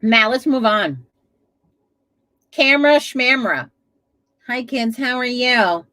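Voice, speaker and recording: A woman's voice: fairly high pitch, takes it slowly, pauses often, bright, forceful tone. A woman hosting a casual live stream from home, chatty, laughing often and swearing freely. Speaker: livestream host. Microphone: webcam setup at a desk.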